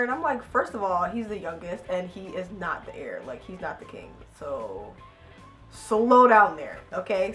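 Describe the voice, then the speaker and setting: A young woman reviewing a book in casual, rambling chat, animated and gushing, full of asides. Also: medium pitch.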